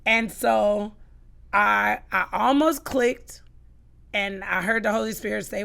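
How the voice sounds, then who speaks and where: A woman's voice: mid-range voice, takes it slowly, gravelly, a bit bright. A middle-aged woman, a podcast guest, giving an emphatic personal testimony and acting out the lines she quotes.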